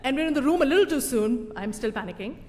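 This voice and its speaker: A young woman with a fairly high voice tells a personal story live on stage, animated and self-mocking in a loose, conversational way. Her voice rings through a reverberant hall, with a faint hum of room ambience behind it. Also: fast. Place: stage in a venue with a live audience.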